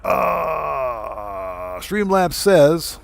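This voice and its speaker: A man's voice: a little high, big pitch swings, extremely slow, creaky. A man live-streaming a game, chatting casually, greeting new subscribers and reading viewers' messages aloud. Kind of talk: live gameplay commentary.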